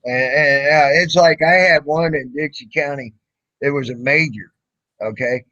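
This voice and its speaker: Profane, bright-voiced storyteller man. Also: on the high side, normal speed, no echo, highs cut off. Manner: profane, animated, acts out quoted voices. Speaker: livestream host. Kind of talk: casual storytelling chat.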